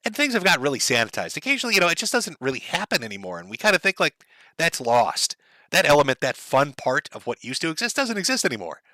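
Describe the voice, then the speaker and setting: A man's voice: on the high side, wildly swooping pitch, quick pace, sharp tone, no room sound. A man giving sarcastic, mocking commentary on a clip he is watching. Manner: sarcastic, mocking, breaks into laughter.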